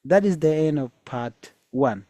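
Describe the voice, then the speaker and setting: A man reads a folktale aloud at a very slow pace, pausing often and hesitating with fillers as he explains it to listeners. His voice is mellow and dark, and the recording is dry and close. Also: on the high side, lively intonation, no echo. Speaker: storyteller and teacher.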